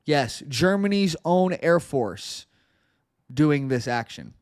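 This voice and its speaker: Male podcast host, earnest commentator, slightly high voice, dry booth-like sound, stumbles and repeats himself. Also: expressive, takes it slowly, clear, resonant tone, dry recording. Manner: earnest, repeats words when stressing a point. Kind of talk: political commentary.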